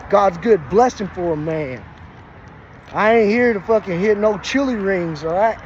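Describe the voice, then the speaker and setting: A man putting on a crude, swaggering grown man who swears freely as he holds forth in a comic story. The voice sits high and comes through muffled, with traffic noise behind it. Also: animated, unhurried. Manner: swaggering, profane.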